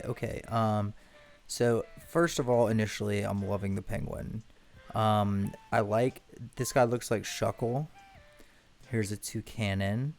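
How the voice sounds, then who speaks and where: A man with a lowish, creaky, somewhat dark voice streams a video game, giving casual commentary. He rambles, corrects himself, and swears now and then.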